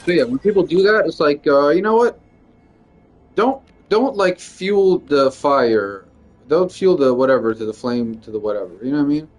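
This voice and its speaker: Rambling, profane comedian venting. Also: male voice, on the high side, expressive, normal speed. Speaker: stand-up comedian. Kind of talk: casual venting monologue.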